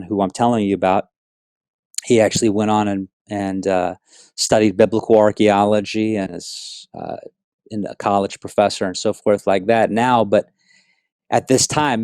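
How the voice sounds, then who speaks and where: A man from South Florida telling his personal faith testimony in an earnest, animated storytelling way, full of asides. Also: lowish voice, clear, resonant tone, dry recording, studio quality. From South Florida, USA. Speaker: speaker giving a personal testimony.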